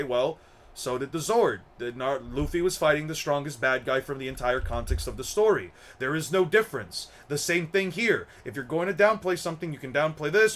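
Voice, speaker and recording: This young male anime commentary host has a somewhat high, slightly bright voice. In a casual opinion rant, he rambles loosely, says the same words over and over, and curses.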